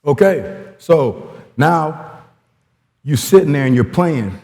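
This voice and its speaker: A man's voice: a little high, lively intonation, slow, creaky, darkish tone, in a large hall. A man from Congo gives a blunt, streetwise motivational talk to coaches, full of stories and slang. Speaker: guest speaker at a coaching clinic.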